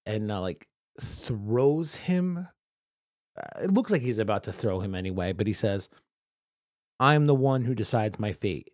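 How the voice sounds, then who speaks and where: A man's voice: on the low side, darkish tone, no room sound, studio quality. A man hosting a casual solo podcast, talking in a loose, rambling way that is full of profanity. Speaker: podcast host.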